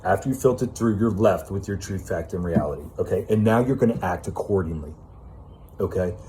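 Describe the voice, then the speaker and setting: A man's voice: low voice, animated, a little fast, mellow, a little hiss or hum. A man giving an unscripted self-help monologue, ranting with emphatic profanity and casual fillers like "man" and "you know.".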